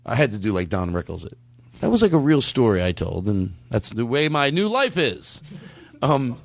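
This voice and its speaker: A male podcast host telling stories in a loose, rambling way, breaking into laughter and cutting himself off mid-thought. His pitch swings widely as he talks. The studio sound is dry and close. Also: big pitch swings, moderate pace, creaky, no echo. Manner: rambling, laughing, self-interrupting. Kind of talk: casual comedic chat.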